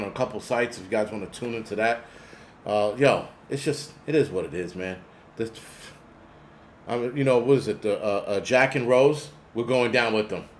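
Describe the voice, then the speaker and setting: On a live stream for his prepper channel, a man with a mid-range voice chats casually, rambling, swearing, and reading out names from the chat. There's a little hiss or hum.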